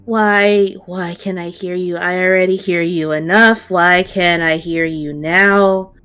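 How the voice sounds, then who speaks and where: A woman voicing a hulking male minotaur who scolds in a slow, deadpan, sighing way. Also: on the low side, clear, resonant tone, muffled recording, soft background music, voice pushed down. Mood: puzzled.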